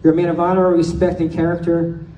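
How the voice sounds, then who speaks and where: High-voiced man telling roast jokes. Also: monotone, muffled recording. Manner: rapid one-liner punchlines. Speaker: speaker giving a birthday toast. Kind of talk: joke-filled roast speech. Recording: echoey hall, mic from far off.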